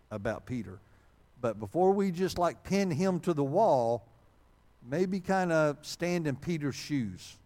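A man's voice: fairly high pitch, a little mellow. A male pastor preaching a sermon with humor, in a conversational way, often reading old-style scripture wording aloud. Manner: conversational, frequent fillers and restarts.

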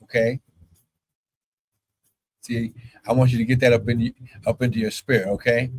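A man's voice: medium pitch, flat delivery, normal speed, long pauses, husky. A man preaching a fervent sermon to a camera he set up himself, repeating phrases and calling out to his listeners. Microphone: own camera.

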